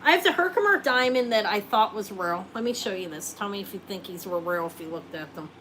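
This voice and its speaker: A woman's voice: medium pitch, lively intonation, a little fast, a bit bright, a little hiss or hum, low-quality recording. Chatty woman selling jewelry live. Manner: chatty, joking, thinks aloud while showing rings. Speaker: jewelry seller hosting a live sale. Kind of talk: casual live sale chat.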